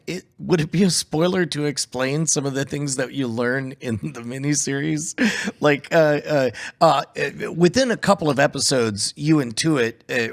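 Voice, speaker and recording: Man, podcast co-host, casual chat, halting, lots of fillers. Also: mid-range voice. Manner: halting, many fillers and restarts.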